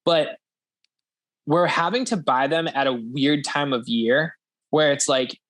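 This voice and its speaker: Young male podcast host, slightly high pitch, loose rambling chat with casual swearing. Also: slow pace, fairly bright tone.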